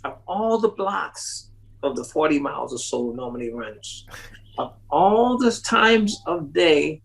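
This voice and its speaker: In a gravelly, husky voice with big pitch swings, a man slowly tells a long story as an interview guest. He laughs frequently and performs the voices of the characters with sudden pitch rises, all on a low-quality recording.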